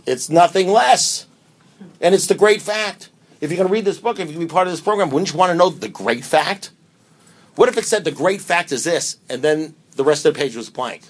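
A man with a medium-pitched voice gives a speaker talk at a recovery meeting. He's emphatic and preacher-like, firing off rhetorical questions and swinging between loud and hushed delivery.

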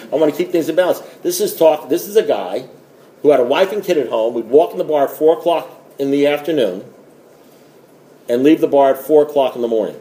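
A man speaking to a recovery meeting, telling a story in an animated, self-mocking way and acting out both sides of a conversation. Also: medium pitch, rough recording. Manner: conversational, keeps asking "you know what I mean?". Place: meeting room with an audience.

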